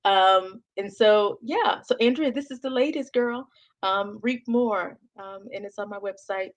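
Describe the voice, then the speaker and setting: A middle-aged woman hosting a live stream, chatting casually with viewers in a lively, rambling way and laughing often. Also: medium pitch, measured pace. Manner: chatty, rambling, frequent restarts. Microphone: phone live stream.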